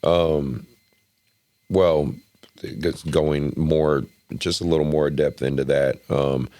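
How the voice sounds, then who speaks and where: A man hosting a basketball podcast, asking questions in a relaxed way with many fillers. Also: very deep voice, slow pace, dry recording. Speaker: podcast host and coach. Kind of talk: casual podcast interview.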